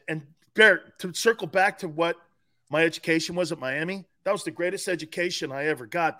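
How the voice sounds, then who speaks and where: A middle-aged man co-hosting a sports talk show, telling stories in a loose, profane way and often breaking into laughter. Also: a little high. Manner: profane, laughing, animated retelling. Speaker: sports radio co-host. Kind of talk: casual storytelling chat.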